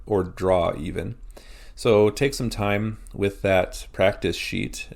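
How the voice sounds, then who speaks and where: A man's voice: low voice, creaky. A man teaching a recorded language lesson, explaining patiently and encouraging practice.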